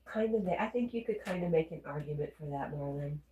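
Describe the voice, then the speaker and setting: A woman's voice: deep voice, animated, a little fast, dark tone, reverberant, highs cut off. A woman with a Southern accent and a stuffy nose, casually chatting as a livestream host and reading viewer comments aloud. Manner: chatty, reads comments aloud and answers them.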